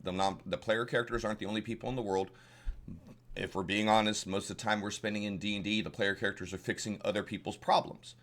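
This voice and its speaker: A man's voice: lowish voice, fairly even intonation, quick pace, a bit bright. An older man with a Southern US accent, giving a casual, rambling tutorial on running tabletop games. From Southern United States. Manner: rambling, folksy, frequent restarts and fillers. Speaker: dungeon master tutorial host. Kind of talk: casual instructional talk.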